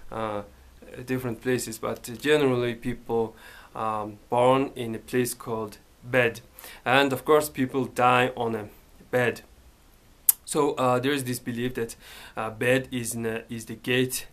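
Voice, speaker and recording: A man speaks in a slow, unhurried way, his pitch sitting in an ordinary middle range. He talks casually to camera from his bedroom, halting often and filling gaps with "uh" and "you know". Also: a bit bright. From Mongolia. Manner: hesitant, halting, full of fillers. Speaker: vlogger.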